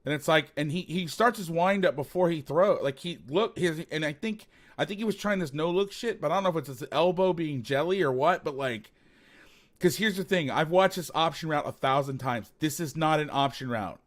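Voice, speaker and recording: A man's voice: fairly high pitch, brisk. A man hosting a football film breakdown, talking casually and animatedly, swearing, rambling with restarts.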